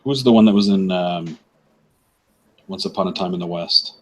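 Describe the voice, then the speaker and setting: Dry-humoured man, fairly low voice. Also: normal speed, husky. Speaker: participant in online paint and chat. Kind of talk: casual group chat.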